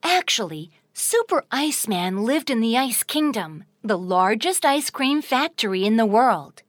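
A woman narrating a children's audio story in an expressive, sing-song, deliberate way. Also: a little high, no echo, clean studio sound.

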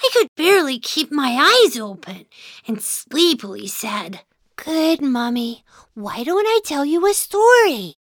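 A gentle child narrator. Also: female voice, high voice, sing-song, a little slow, no room sound, clean studio sound, full character voice. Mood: narrating. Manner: gentle, patient storytelling. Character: sleepy, patient young child narrating. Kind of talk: children's cartoon storytelling.

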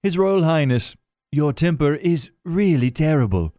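A woman's voice: deep voice, lively intonation, a little slow, dark tone, dry recording, clean studio sound, pitched below the performer's own voice. A woman voicing a stern older male minister who scolds the prince in a storybook tale. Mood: scolding.

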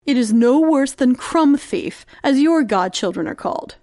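A woman voicing a greedy, sly cat in a read-aloud storybook, speaking coolly and smoothly. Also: expressive, normal speed, mellow, no room sound, clean studio sound. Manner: low, cool and smooth-talking. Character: greedy, sly she-cat, cool and scheming.

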